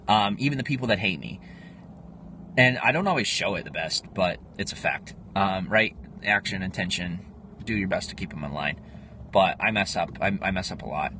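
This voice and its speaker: A man's voice: lowish voice, bright, forceful tone. Young male streamer, casual rambling chat, phone mic, faint hiss behind. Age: 20s. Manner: rambling, answers viewer comments. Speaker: livestream host. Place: home livestream, in Pennsylvania.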